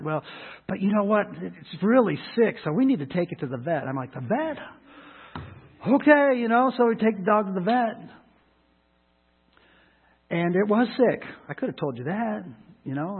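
A middle-aged man pastor telling a folksy, halting personal story in his sermon, voicing people with raised shouts. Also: fairly high pitch, slightly rough. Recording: echoey hall, phone-like sound.

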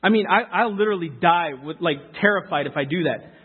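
Speaking fast in a high, breathy voice, a young man entertains a live audience of youths with informal, earnestly emphasized stories. The recording comes across tinny and phone-like.

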